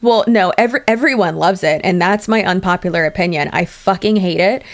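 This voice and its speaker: A woman's voice: fairly low pitch, brisk. A woman in her thirties co-hosting a podcast in casual chat, blunt and swearing freely with frequent laughs. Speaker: podcast co-host.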